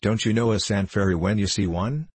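A man voicing a grumpy, ancient male sand fairy with a dry husky voice, speaking crossly and scornfully in a storybook reading. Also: lowish voice, a little fast, no room sound.

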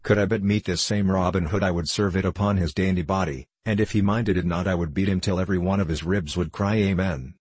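A man's voice: sits low, fairly even intonation, brisk, hardly any pauses, darkish tone, husky, no echo. A man voicing a blustering boastful tinker. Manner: old-fashioned archaic speech, blustering. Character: boastful brash male tinker, adult, quick-tempered.

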